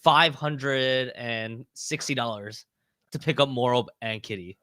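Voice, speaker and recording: A man's voice: mid-range voice, measured pace, clear, resonant tone, no echo, studio quality. A man chatting casually on a podcast, telling a story with lots of swearing and acting out the people in it. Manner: animated, swearing, acts out the people in his story. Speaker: podcast co-host.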